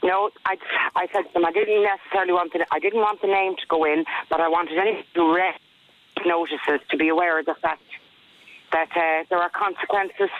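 A woman's voice: fairly low pitch, steady tone, a little fast, dry recording. A woman calling a radio phone-in, recounting events in a matter-of-fact, indignant way. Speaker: caller. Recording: tinny phone line on radio.

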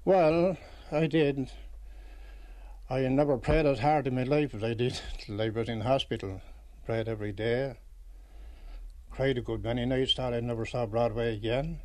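A man's voice: mid-range voice, fairly even intonation, normal speed, mellow. An Irish man in an interview, recounting his own story in a rambling, homely way with many restarts. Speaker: pilgrim interviewee.

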